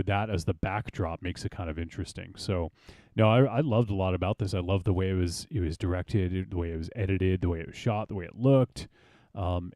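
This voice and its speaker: A man hosting a casual horror film discussion podcast, relaxed and rambling with many fillers. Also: low voice, dry recording, clean studio sound. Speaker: podcast host.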